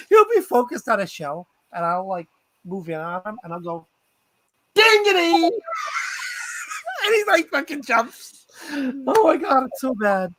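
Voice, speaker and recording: A male host in casual chat, excitable and quick to laugh. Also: high voice, poor audio.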